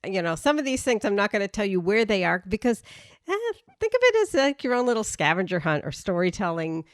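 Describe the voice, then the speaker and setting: A woman's voice: mid-range voice, sing-song, fairly quick, dry recording, clean studio sound. A woman with a slight Boston accent, co-hosting a podcast and chatting through her research with plenty of fillers and restarts. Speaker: podcast co-host presenting research. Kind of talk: casual podcast chat.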